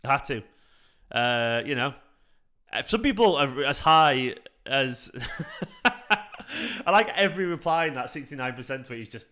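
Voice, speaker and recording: A young adult man hosting a football fan live stream, chatty and excitable, swearing casually as he reads the chat. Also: mid-range voice, moderate pace.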